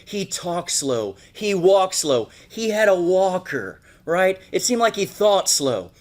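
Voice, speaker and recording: A motivational speaker on stage at an event delivers a keynote in a high, sing-song voice at a slow pace. He tells a story, often asking "right?"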